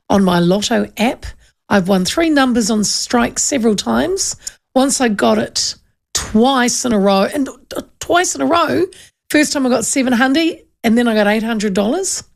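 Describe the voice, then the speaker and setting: Chatty New Zealand woman with a gravelly edge. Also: on the high side, moderate pace. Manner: chatty, animated storyteller with asides. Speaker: radio talk show host. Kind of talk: casual talk radio chat, reading listener texts.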